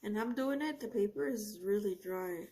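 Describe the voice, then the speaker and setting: A woman's voice: mid-range voice, normal speed, mellow, slightly rough. A woman hosting an art channel, casually reviewing paints as she swatches them, gushing and often trailing off mid-sentence.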